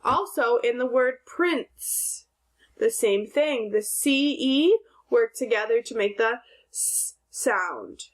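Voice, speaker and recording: In a recorded phonics lesson for second graders, a woman teacher clearly sounds out words and answers the questions she poses herself. Her voice is fairly high, with lively intonation and a slow pace.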